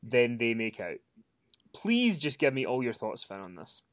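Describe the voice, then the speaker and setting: A man co-hosting a podcast, animated and prompting his partner with questions. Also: mid-range voice, a little slow, dry recording, studio quality. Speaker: podcast co-host. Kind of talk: casual chat.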